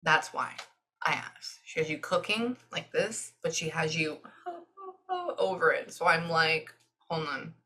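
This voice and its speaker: A Texan woman giving a medium's reading in an animated, chatty way, often pausing to listen. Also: deep voice. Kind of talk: casual spoken reading session.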